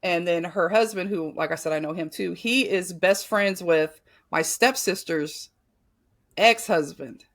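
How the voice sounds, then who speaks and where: A woman's voice: on the low side, unhurried, a bit bright. A woman guest on a podcast, telling a painful personal story candidly and bluntly, with frequent swearing and filler words.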